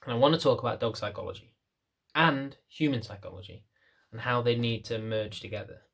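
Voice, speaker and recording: Seated in a chair indoors, a dog trainer with a medium-pitched, fairly bright voice talks to camera at a fairly quick pace. It's casual, unedited talk, full of fillers and restarts.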